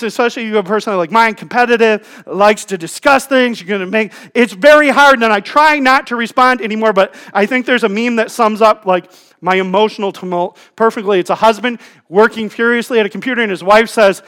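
A pastor delivering a laid-back, funny sermon from the church stage, his voice sitting high for a man. He is middle-aged, talks into a stage mic, and keeps breaking into self-mocking asides. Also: brisk. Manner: humorous, self-deprecating, animated asides. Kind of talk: conversational sermon. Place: church sanctuary.

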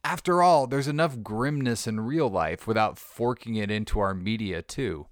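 A man hosting a podcast, chatting loosely and jokily and often restarting his sentences. His voice sits on the low side and sounds smooth and resonant. The studio recording is dry and close. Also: normal speed, no echo. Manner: rambling, self-interrupting, jokey. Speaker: podcast host. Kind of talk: casual monologue.

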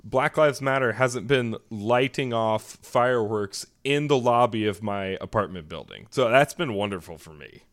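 A man co-hosting a casual comedy podcast, his voice sitting in an ordinary middle pitch. He rants and jokes with playful exaggeration, piling up lists for laughs. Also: moderate pace, few pauses, a bit bright. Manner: joking, ranting with exaggerated bits. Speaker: podcast co-host.

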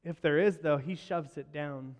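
A man preaching a sermon, telling a story and acting out its lines, moving between hushed and loud. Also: a little high, normal speed. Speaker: pastor. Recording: long hall reverb.

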